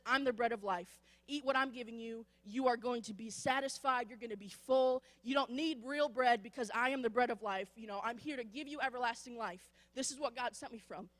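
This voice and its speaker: High-pitched woman preacher, animated storyteller, church hall with long reverb. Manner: animated storytelling, acts out voices. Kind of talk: sermon. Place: church sanctuary.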